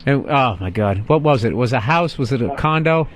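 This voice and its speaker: A man's voice: mid-range voice, lively intonation, brisk, a crowd in the background. A man co-hosting a call-in radio show, teasing and sarcastic with callers. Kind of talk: casual call-in radio banter.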